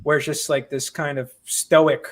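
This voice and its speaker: A man with a fairly high voice, speaking as the guest writer in a casual interview. He tells stories with lively, self-mocking energy, his voice jumping up when he gets excited. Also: measured pace. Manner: animated, self-mocking storyteller. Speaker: comic book writer, guest.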